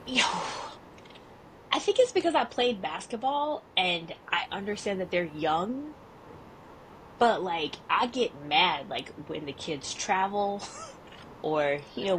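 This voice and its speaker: Animated woman chatting on a podcast. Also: medium pitch, unhurried, slight background noise. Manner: animated, expressive storyteller who laughs often. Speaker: podcast co-host. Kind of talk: casual chat.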